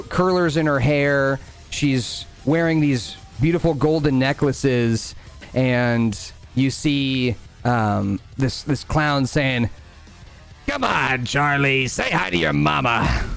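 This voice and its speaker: A man narrating as game master in a tabletop game, unhurried and full of fillers. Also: medium pitch. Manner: relaxed, many fillers, unhurried.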